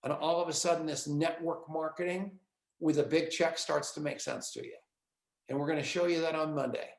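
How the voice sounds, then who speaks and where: Middle-aged man, motivational team leader on a video call. Fervent and rambling, gravelly fry, echoey room. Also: a little high, fairly even intonation, fairly quick. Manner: fervent, rambling, shouts out names. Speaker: network marketing leader.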